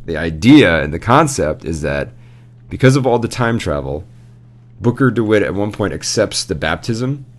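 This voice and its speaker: A man's voice: low-pitched, big pitch swings, normal speed. A young man co-hosting a casual chat show, animatedly retelling a story and quoting characters along the way. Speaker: podcast co-host.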